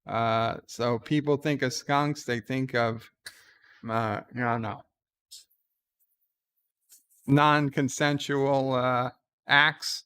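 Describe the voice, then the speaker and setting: Slow, hesitant man with a smooth voice. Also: medium pitch, steady tone, sharp tone. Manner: hesitant, full of "uh" and restarts, joking. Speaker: livestream host answering viewer letters. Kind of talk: casual live-stream chat.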